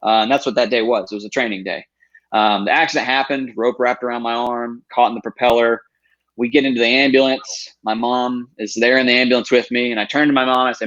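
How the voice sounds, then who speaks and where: Thirtysomething guy telling his story on a podcast, earnest and animated, kinda dull lo-fi audio. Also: mid-range voice, fast. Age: 30s. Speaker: guest.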